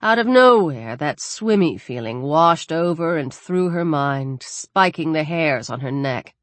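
A woman reading a horror story aloud in a measured, dramatic narrating style. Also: low-pitched, expressive, fairly bright tone, no echo. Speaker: audiobook narrator.

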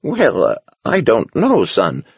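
A man voicing a gentle, kindly old male monk overseer who talks patiently and teases wryly. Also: medium pitch, huge pitch swings, slow pace, gravelly, slightly rough, no echo, dull audio, pitched above the performer's own voice, full character voice. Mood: hesitant. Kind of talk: audiobook character voice.

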